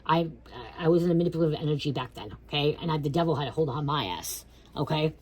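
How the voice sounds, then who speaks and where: A fast-talking woman in her thirties with a low voice does a laid-back spiritual reading as a tarot reader. Her delivery is blunt and full of profanity, punctuated by frequent "okay?" check-ins.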